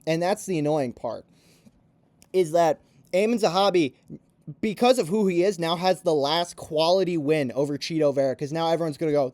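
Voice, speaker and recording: A man's voice: a little high, normal speed, darkish tone, dry recording. A man giving heated, profane and sarcastic commentary about fighters in a vlog. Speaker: MMA commentator.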